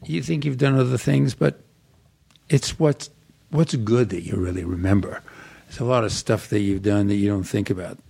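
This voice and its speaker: An older man, an actor, telling rambling, animated stories in an interview. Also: medium pitch, gravelly. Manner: animated, digressive storyteller. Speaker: actor guest. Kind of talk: rambling anecdotal interview talk.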